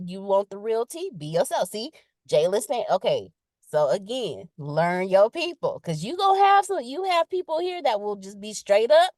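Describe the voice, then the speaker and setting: In a dry, studio-quality recording, a fairly high-pitched woman gives a casual motivational talk during a live leadership session. She's chatty and direct, repeating viewer comments for emphasis as she reads them. Her playful, animated delivery includes exaggerated voices for quotes.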